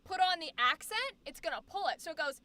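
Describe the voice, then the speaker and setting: A woman chats casually on a livestream and explains how singers handle vowels. She sings short vowel sounds as examples. Her voice is high and bright. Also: animated, fast, dry recording. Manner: explains singing technique chattily, demonstrating vowel sounds; many fillers and restarts, reads chat aloud. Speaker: streamer.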